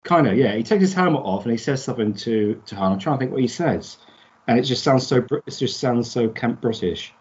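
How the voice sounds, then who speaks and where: A man co-hosting a podcast in casual chat, rambling with halting restarts. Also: mid-range voice, lively intonation, a little mellow. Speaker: podcast co-host. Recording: dull lo-fi sound.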